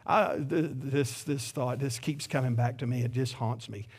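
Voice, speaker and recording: A man's voice: mid-range voice, normal speed, a little mellow, breathy edge. A middle-aged man preaching a sermon as pastor, earnest and heartfelt, often restarting his sentences.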